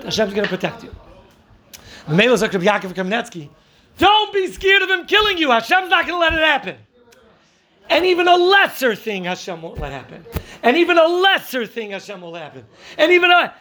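A man, a rabbi, teaching a class on the weekly Torah portion, telling stories lively, acting out the people he quotes and mixing in Hebrew and Yiddish terms. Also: high voice.

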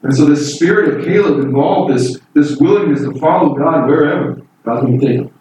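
Heard from a distance in an echoey room with faint noise, a man delivers an earnest, emphatic Bible sermon. His voice is highish and mellow, a little fast, and rises on the key points.

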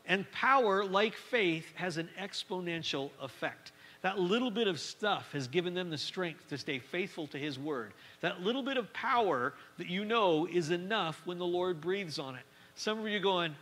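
A man with a high, bright voice preaches a sermon in an animated, conversational manner, slipping into quoted voices as he goes. His voice carries through a church hall with a long reverb tail. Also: moderate pace. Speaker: pastor.

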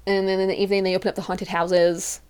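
A young woman telling a personal story in a casual, animated way, acting out what she and her friends said. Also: medium pitch, fast, clean tone. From living in Utah. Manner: animated, acts out her friends and herself in quoted voices.

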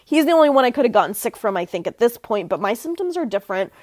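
A woman's voice: on the high side, sing-song, fast, no echo, clean studio sound. A woman co-hosting a podcast in casual chat, telling stories animatedly with frequent filler words. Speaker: podcast co-host.

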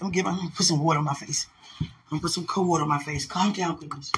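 A woman's voice: lowish voice, fast, sharp tone, slight background noise, rough recording. A woman at home in her apartment, overwhelmed and weepy, crying out to God in a fervent, spontaneous monologue. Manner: fervent and overwhelmed, moaning, repeated cries to God. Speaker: vlogger sharing a spiritual experience.

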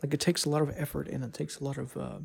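Man, slightly high voice, gravelly, rambling solo podcast talk. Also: little pitch movement, rapid-fire, darkish tone. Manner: rambling, thinking aloud with many restarts. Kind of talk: casual solo monologue.

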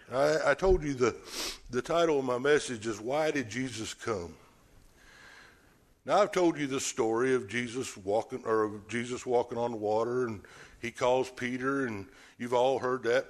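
A man preaching a sermon, telling the story with animation and acting out scenes. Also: medium pitch.

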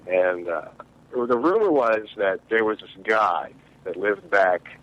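Low-voiced, hesitant Midwestern man, lo-fi. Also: animated. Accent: Midwestern American. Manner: halting, hesitant, full of restarts. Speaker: podcast co-host. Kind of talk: casual storytelling among friends. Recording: dull lo-fi sound.

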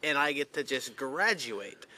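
A man's voice: mid-range voice, very animated, measured pace, pushed and bright, no room sound, low-quality recording. A man in his twenties, a podcast guest chatting casually, laid-back and swearing offhandedly. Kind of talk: casual chat.

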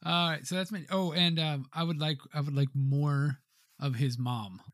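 A man's voice: a little high, fairly even intonation, moderate pace, no room sound. Easygoing male podcast co-host, dry sound. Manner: easygoing, laughs often. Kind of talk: casual movie-review chat.

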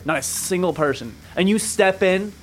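A man's voice: sits high, moderate pace, slight background noise. A man running a tabletop game, narrating the scene loosely with many fillers. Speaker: game master.

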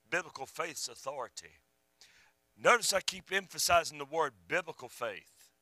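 A male preacher delivering a sermon. His voice is high and very bright, and it swings from fervent swells down to near-whispers. The sound is dry and close. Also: expressive, moderate pace, no echo, low-quality recording. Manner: fervent, rising and falling, drops to a hush.

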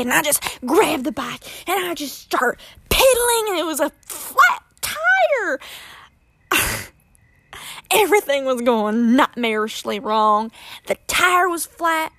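A woman recounts her own story in a lively, dramatic way, acting out her panic and breaking into laughs. Her voice sits high, and the recording is dry and close. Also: no room sound. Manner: animated, dramatic, laughing asides. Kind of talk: personal story told casually.

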